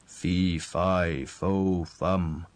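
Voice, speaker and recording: A man's voice: on the low side, very slow. A man voicing a huge, bellowing, man-eating male ogre in a read-aloud fairy tale. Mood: menacing.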